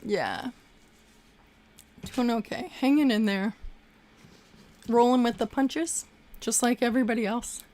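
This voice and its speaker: Woman, young adult, livestream host, casual chat, effusive thanks to viewers, slightly high voice. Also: measured pace, long pauses, darkish tone. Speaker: livestream host reading super chats.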